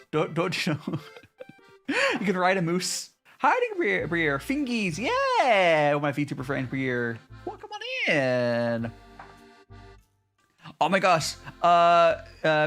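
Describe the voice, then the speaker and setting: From his home in Japan, a male VTuber hosts a relaxed live stream, his creaky voice rising and falling in a lively way. He reads viewer messages aloud and chattily answers them, often restarting mid-thought. Quiet, soft music plays behind him.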